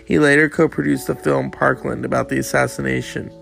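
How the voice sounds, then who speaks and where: A man's voice: mid-range voice, flat delivery, fairly quick, vocal fry, a bit bright, faint music behind. A man rambling through a casual, profane monologue, laughing and reading bits aloud from web pages as he goes.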